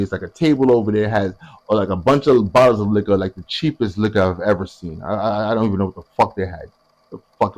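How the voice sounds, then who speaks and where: A young man telling a story casually, animated and profane, acting out what other people said. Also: lowish voice.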